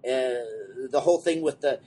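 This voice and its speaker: A man co-hosting a casual comics podcast, rambling and excitable, running a comic shop and apologizing for talking too much. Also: mid-range voice, normal speed, husky. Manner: rambling, excitable, self-deprecating.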